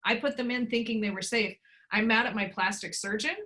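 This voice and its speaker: A woman's voice: fairly high pitch, fairly even intonation, fairly quick, sharp tone. A woman in her thirties in an interview, speaking bluntly and emphatically about her frustration. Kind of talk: emotional personal interview.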